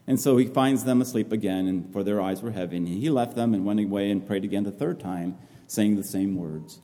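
A man's voice: lowish voice, moderate pace, mellow. A man preaching a sermon, impassioned and repeating phrases for emphasis. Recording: long reverb of a large hall.

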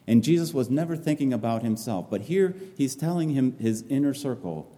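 A man's voice: mid-range voice, animated, brisk, mellow. A man preaching a sermon, impassioned and repeating phrases for emphasis. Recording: long reverb of a large hall.

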